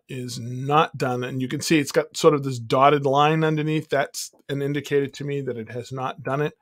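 A man hosting a tech tutorial, chatting excitedly and thinking aloud as he clicks through a software demo. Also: mid-range voice. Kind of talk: casual screen-recorded software demo.

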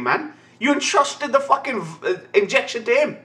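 A young man giving a live anime reaction, excitable and ranting, swearing constantly. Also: high voice, normal speed. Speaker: anime reaction channel host.

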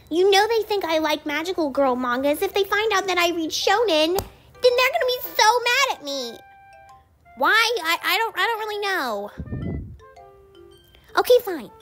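A woman's voice: very high-pitched, bright, forceful tone, voice pushed up, heavily acted. A woman voicing a bratty, prickly teen girl in an ASMR role-play, snapping defensively and swearing when riled.

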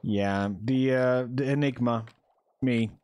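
A man's voice: medium pitch, slow pace, darkish tone, smooth, no room sound. A young man chatting casually to viewers while livestreaming a game, joking and swearing as he plays. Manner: chatty, profane, jokey self-talk to viewers. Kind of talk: casual gaming livestream chat.

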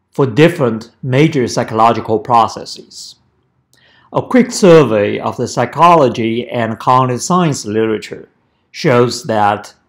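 A professor giving a prepared lecture, speaking in measured, deliberate phrases. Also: male voice, medium pitch. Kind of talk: prepared academic presentation.

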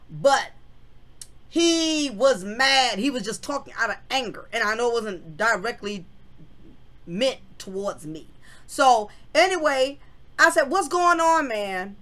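Woman vlogger, frank, slangy storytelling, bright voice. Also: a little high, expressive, unhurried. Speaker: channel host telling a personal story. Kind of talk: casual storytelling vlog.

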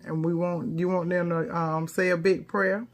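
A woman's voice: lowish voice, level tone, moderate pace, soft background music. A woman hosting a casual live stream, emotional and teary, laughing through tears as she speaks.

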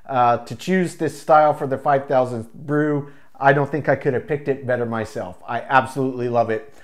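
A man's voice: medium pitch, fairly even intonation, normal speed. A man reviewing a craft beer in a casual, enthusiastic way, describing flavors in loving detail. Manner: enthusiastic, descriptive, savoring each word.

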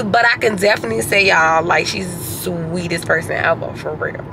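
A woman's voice: on the low side, normal speed, creaky, noisy background. Chatty Southern woman vlogging from a car. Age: 20s. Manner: chatty, addresses viewers as y'all. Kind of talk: casual chat to camera. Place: in a car at a drive-through.

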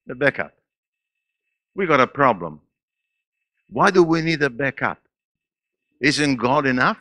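A man's voice: normal speed, pauses often, no room sound. Man in his eighties with an accent, preaching. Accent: non-native English. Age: 80s. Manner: preaching with laughs and sudden swings in pitch and loudness. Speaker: pastor. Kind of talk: sermon. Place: church.

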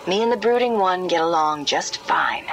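Game cat burglar: sarcastic, teasing, defiant, very expressive inflection. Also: female voice, fairly low pitch, moderate pace, faint music behind, rough recording.

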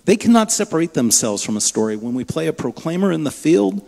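A man preaching a sermon in a church, telling stories in a lively way and acting out the dialogue. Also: on the high side, fast, vocal fry. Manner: lively storyteller, acts out dialogue. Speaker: guest preacher from a Bible ministry. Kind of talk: sermon with storytelling. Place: church sanctuary. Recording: reverberant church hall.

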